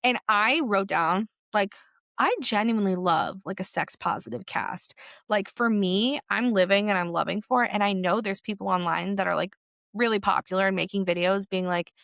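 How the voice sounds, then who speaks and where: A young woman hosts a podcast and talks through reality TV gossip in a loose, chatty way, filling her sentences with "like". Her voice has a gravelly fry, and the recording is dry and close. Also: medium pitch, normal speed, no echo. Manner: chatty, animated, full of "like" fillers. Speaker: podcast host. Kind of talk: solo pop culture commentary.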